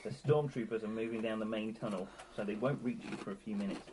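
A man's voice: fairly low pitch, steady tone, fast, background noise. A man running a tabletop role-playing game as game master, narrating scenes and reading out messages. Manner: reads scene narration and character messages, laughing often.

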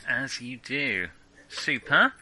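A man hosting a tabletop horror game, casual and a little hesitant, with ums scattered through his lines. His voice sits mid-range and comes through a noisy call with a clear hiss underneath. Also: medium pitch, very animated, slow, bright, forceful tone. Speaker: game master.

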